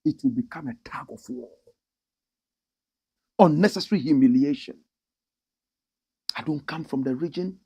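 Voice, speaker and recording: A middle-aged Ghanaian man hosting an animated opinion commentary, impassioned and mimicking the people he talks about. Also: mid-range voice, normal speed, pauses often, husky. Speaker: commentary show host.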